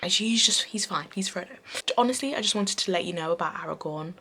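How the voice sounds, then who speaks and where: A young woman chatting casually in a reading vlog, rambling with many fillers and quick asides. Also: on the low side, bright, forceful tone, husky. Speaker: book vlogger. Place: bedroom at night.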